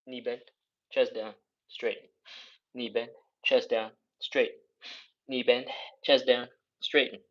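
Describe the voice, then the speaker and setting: Fast-talking jokey male stretching coach. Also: medium pitch, lo-fi sound. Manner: energetic cueing and counting aloud. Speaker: stretching instructor. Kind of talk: live follow-along workout coaching.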